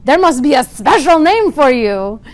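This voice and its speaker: Woman doing condescending Frenchman, heavy French accent, slow halting drawl, fairly high voice. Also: big pitch swings. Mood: faux awe. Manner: slow, halting, mock-admiring. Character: smug condescending Frenchman flirting with women.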